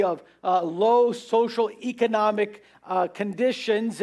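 A man's voice: high-pitched, a little mellow. A man preaching a sermon, earnest and repeating his points for emphasis.

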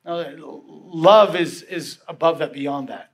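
A man preaching a sermon as pastor, telling a story with repeated phrases for emphasis and dropping to soft tones. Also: fairly high pitch, slow pace.

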